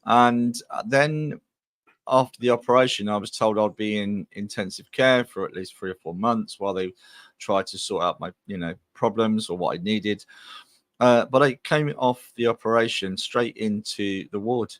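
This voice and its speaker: A man's voice: lowish voice, normal speed, fairly bright tone, dry recording. A man from England, a guest medium, telling his life story in a chatty, rambling way on a video call podcast. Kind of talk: casual podcast interview.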